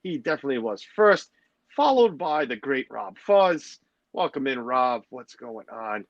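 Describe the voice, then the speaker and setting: A man's voice: mid-range voice, very animated, measured pace, no room sound, dull audio. A middle-aged man hosting a livestream, rambling and joking as he greets his chat. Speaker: livestream host. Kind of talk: casual chat with a live audience.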